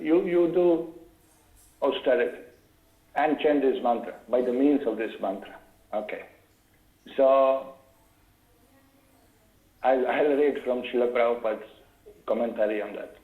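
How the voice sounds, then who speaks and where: A man giving a scripture lecture, carefully explaining verses word by word and pausing to look up references. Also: mid-range voice, echoey room, phone-quality sound.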